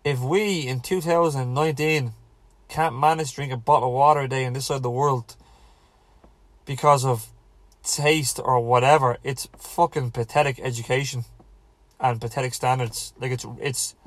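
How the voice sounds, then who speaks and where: A man's voice: medium pitch, steady tone, moderate pace, no echo. Blunt, swearing male fitness coach. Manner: blunt, swears freely, repeats for emphasis. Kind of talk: casual monologue.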